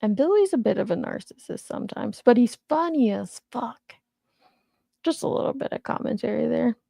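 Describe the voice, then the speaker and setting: A woman's voice: on the high side, lively intonation, normal speed, gravelly, dark tone, no room sound, clean studio sound. A woman in her thirties, hosting a casual livestream and chatting loosely while she reacts to viewer comments. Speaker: commentary channel host.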